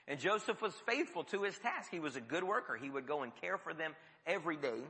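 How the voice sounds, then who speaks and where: A man preaching a sermon, telling the story lively and dropping his voice low for emphasis. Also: brisk, long reverb tail. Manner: storytelling with sudden drops to a near whisper.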